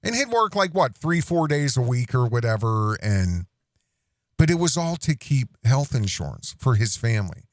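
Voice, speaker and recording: A man's voice: medium pitch, sing-song, moderate pace, no echo, clean studio sound. A middle-aged man hosting a reaction commentary show, mocking and sarcastic, breaking into laughs as he talks.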